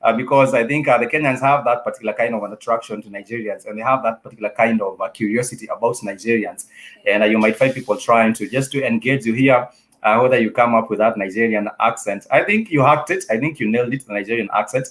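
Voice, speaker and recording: A man's voice: mid-range voice, quick pace, fairly bright tone. A man hosting a studio interview show, rambling through questions with many fillers. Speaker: talk show host.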